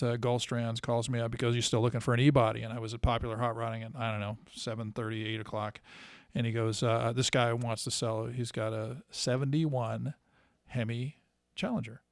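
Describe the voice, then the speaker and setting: A man's voice: mid-range voice, flat delivery, a little fast, no echo, studio quality. A man casually telling a long, rambling car story, full of fillers and restarts. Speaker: co-host telling car stories.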